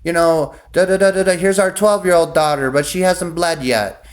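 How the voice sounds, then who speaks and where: A man's voice: a little high, normal speed, pitched above the performer's own voice, lightly acted. An eager medieval lord, as a man puts him on. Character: scheming medieval lord offering his daughters.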